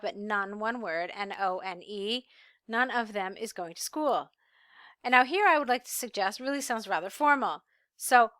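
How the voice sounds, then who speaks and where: A woman's voice: fairly high pitch, sharp tone, no room sound, studio quality. A woman tutoring English, reading a student's letter aloud and correcting it in a friendly way. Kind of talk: essay correction lesson.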